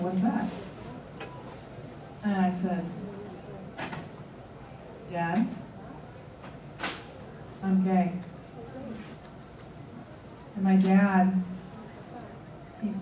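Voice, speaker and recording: A woman in her forties, a seminar leader, telling a candid personal story to a seminar audience and acting out the dialogue. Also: on the low side. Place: large room with an audience. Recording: echoey room from far off, audience noise. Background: audience murmur.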